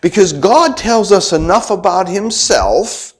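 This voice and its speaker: A man's voice: high voice, expressive, unhurried. A middle-aged man preaching a sermon in a conversational way, firing rhetorical questions at the congregation and tossing in joking asides. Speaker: pastor.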